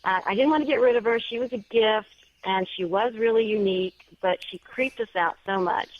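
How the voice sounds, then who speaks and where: A woman guest author telling a story in a casual, animated way during an interview, often acting out what others said. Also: medium pitch, a little fast. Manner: chatty, animated storyteller with quoted voices. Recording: dull, lo-fi audio.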